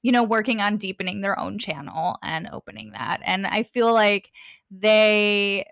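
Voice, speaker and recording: Animated young woman, dry close sound. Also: medium pitch, a little slow, gravelly, no echo. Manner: animated, acts out quoted dialogue with laughter. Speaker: guest, spiritual reader. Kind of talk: casual interview chat.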